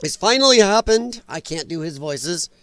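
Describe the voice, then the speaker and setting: A man's voice: high voice, lively intonation, moderate pace, a bit bright, no room sound. A man hosting a casual political commentary livestream, chatty and sarcastic, laughing often, his voice a little strained. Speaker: livestream host. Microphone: own microphone.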